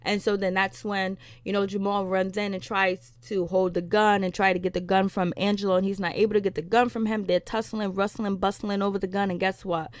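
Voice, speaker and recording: A woman giving a casual, animated recap of a TV episode, retelling scenes with laughs and attitude, with some in her speech. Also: medium pitch, a little fast, few pauses, no room sound. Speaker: TV recap vlogger.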